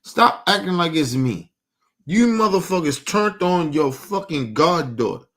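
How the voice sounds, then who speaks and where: A man's voice: on the high side, expressive, measured pace, fairly bright tone. Man ranting heatedly on a stream. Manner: heated, profane, repetitive ranting. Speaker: stream host. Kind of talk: casual stream rant.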